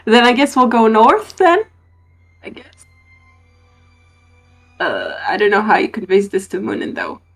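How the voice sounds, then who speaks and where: A woman playing a tabletop role-playing game, speaking softly and thinking aloud about what her character would do. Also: mid-range voice, huge pitch swings, a little slow, pauses often, soft background music. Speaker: player. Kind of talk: casual play discussion.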